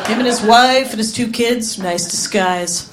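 A woman's voice: a little high, unhurried. A woman from Wisconsin in her forties performing a stand-up set, telling stories with lots of laughter and acted-out quotes. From Wisconsin, USA. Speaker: stand-up comedian. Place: comedy venue in front of an audience. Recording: live club with crowd noise. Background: audience laughter.

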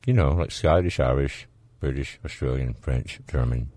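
A man's voice: extremely low pitch, moderate pace, mellow, no echo. A man with a Southern accent hosting a call-in radio show, chatting in an easygoing, folksy way. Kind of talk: casual call-in radio chat.

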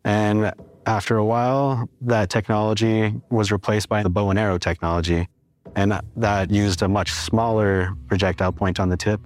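A man explaining in a steady interview manner, often linking ideas with "and so". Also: on the low side, normal speed.

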